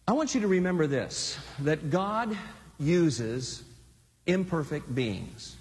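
A male pastor delivers a sermon with lively, swooping delivery, his voice sitting high for a man. He talks to the congregation casually, then drops low for emphasis. A long reverb trails every phrase. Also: slow. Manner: animated, conversational preaching with dramatic swings.

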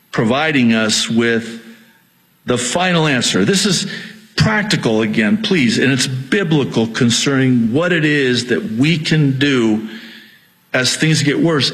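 A man's voice: mid-range voice, fairly bright tone, poor audio. A middle-aged male pastor preaching a sermon, exhorting and repeating his key points, with jokes at his own expense.

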